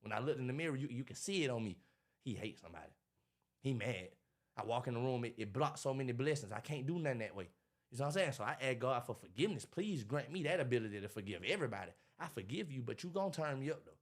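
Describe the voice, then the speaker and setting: A man, talking in a casual interview about his life, animated and preachy, acting out what others say. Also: medium pitch, fast talker. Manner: animated, preachy storytelling with acted-out quotes. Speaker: podcast guest, motivational speaker.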